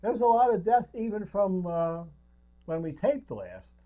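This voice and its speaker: A man's voice: sits high, very animated, moderate pace. Chuckling man with dull lo-fi sound. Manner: chatty, chuckles often. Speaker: co-host. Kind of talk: casual chat.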